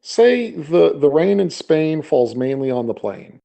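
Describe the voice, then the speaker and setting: A man with a mellow, warm tone and a lively, swooping pitch co-hosts a relaxed podcast. He slips in dry, deadpan jokes as he chats. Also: unhurried, gravelly. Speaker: podcast co-host. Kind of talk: casual chat.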